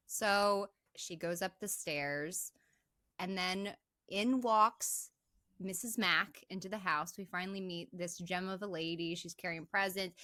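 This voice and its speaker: A woman's voice: medium pitch, no room sound. A young woman co-hosting a podcast, casually retelling a movie's plot and acting out the characters' lines. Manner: animated retelling, acts out quoted lines. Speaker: podcast co-host.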